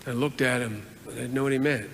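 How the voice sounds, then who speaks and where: A man in his sixties stands at a podium in a large hall, delivering an earnest, formal eulogy. His voice is gravelly, and he builds each point with repeated phrases. Long reverb from the hall trails his words over faint background noise. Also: medium pitch, fairly even intonation, fairly quick, a bit bright. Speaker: senator giving a eulogy.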